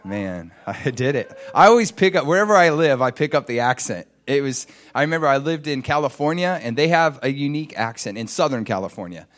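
A man's voice: mid-range voice, lively intonation, brisk, hardly any pauses, fairly bright tone. A man preaching a sermon with a slight Upper Midwest accent, talking conversationally with easy restarts and self-deprecating asides. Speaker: pastor.

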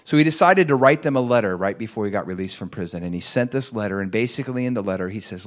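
A man preaching, telling a story and acting out the characters' words, swinging between hushed lines and raised, pleading ones. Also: fairly low pitch, animated, quick pace, few pauses. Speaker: pastor. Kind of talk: sermon storytelling.

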